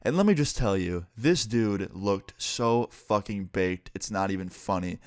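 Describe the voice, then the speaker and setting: Young guy telling a story time vlog, low voice, casual and sweary, dry close sound. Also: lively intonation, a little slow, no room sound. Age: young adult.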